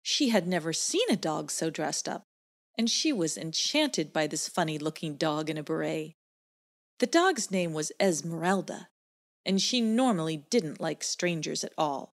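A woman narrating a children's story in a gentle, expressive storytelling manner. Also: sits low, a little slow.

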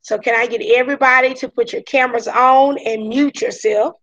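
A woman's voice: high-pitched, fairly even intonation, moderate pace, a bit bright, lo-fi sound. A woman teacher talking casually to her class over a video call, taking the roll and introducing herself in a chatty Southern US way. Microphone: video call audio.

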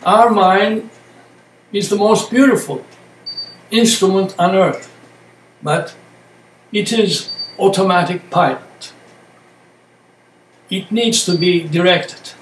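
A man speaking as a meditation teacher in a slow, reflective way, using short, halting phrases and plain words. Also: high voice. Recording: echoey room, distant mic, faint noise.

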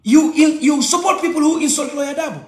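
High-pitched agitated Gambian man in an echoey room. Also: fast talker. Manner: agitated, switching languages, repeating points. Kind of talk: heated personal rant.

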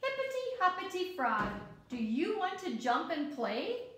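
A woman's voice: extremely high pitch, big pitch swings, a little slow, fairly bright tone, voice pushed up, exaggerated voice. A woman voicing a cheerful little boy who asks around for someone to play with, in a sing-song, eager way. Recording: echoey room.

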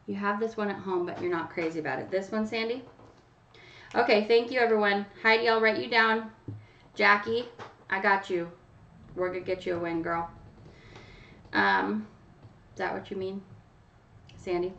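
A chatty woman from Canada hosts a live stream, talking straight to viewers by name. Her voice has a gravelly edge and sits back from the mic, in a roomy space. The sound is dull and lo-fi. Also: mid-range voice, fairly even intonation, normal speed, pauses often, fairly bright tone, far from the mic, a little hiss or hum. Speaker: livestream host running a nail polish giveaway. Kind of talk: casual live chat to viewers.

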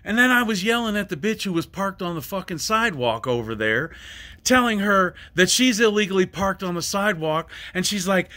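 A man ranting in a personal vlog, agitated and swearing often, at times raising his voice to a shout. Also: high-pitched, lively intonation, brisk. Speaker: vlogger. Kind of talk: angry personal vlog rant.

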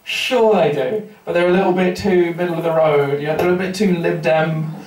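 A man's voice: on the high side, moderate pace, darkish tone, a little hiss or hum. An English man doing a brash, sweary, self-mocking stand-up set in a small pub comedy room. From England. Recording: roomy sound from a distant mic, audience reacting. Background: audience laughter.

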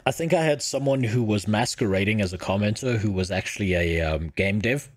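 A man streaming a casual reaction, chatting in an excitable, rambling, jokey way with restarts. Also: lowish voice, brisk.

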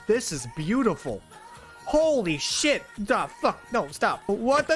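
A young streamer talks through a game with his desk mic, reacting loudly and cursing as things go wrong. His pitch leaps up and down constantly, from low grumbles to high yelps. Soft game music plays in the background. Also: normal speed. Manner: excitable, swears, shouts and laughs at the game. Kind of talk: live game commentary.

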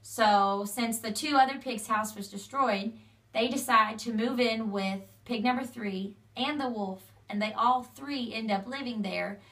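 A woman's voice: a little high, measured pace, a bit bright, recorded from a distance. A young woman casually retelling a fairy tale, chatty, linking sentences with "so" and "you know". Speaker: storyteller.

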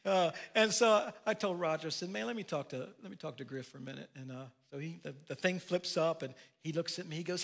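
A man's voice: high voice, fast talker, creaky, hardly any pauses, a bit bright. An older man preaching a sermon as pastor, telling folksy family stories with asides. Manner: folksy storytelling with laughs and asides.

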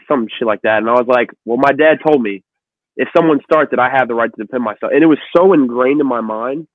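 A man hosting a casual conversation, telling animated stories and acting out the voices of the people in them. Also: medium pitch, fast talker, no echo. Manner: animated storyteller, acts out voices in quotes. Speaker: host. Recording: dry, phone-like audio.

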